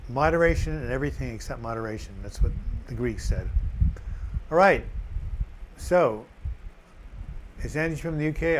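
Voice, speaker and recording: A man's voice: mid-range voice, slight background noise, low-quality recording. Older man hosting a joking live chat. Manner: joking, warm asides between comments. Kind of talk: casual live-stream chat, reading viewer comments.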